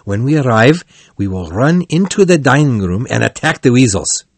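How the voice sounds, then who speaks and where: A stern, serious old badger lays down the law, voiced by a man reading a storybook. He speaks firmly and steadily at a middle pitch. The sound is dry and close. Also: sing-song, normal speed, no room sound. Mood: planning. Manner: gruff scolding then kind.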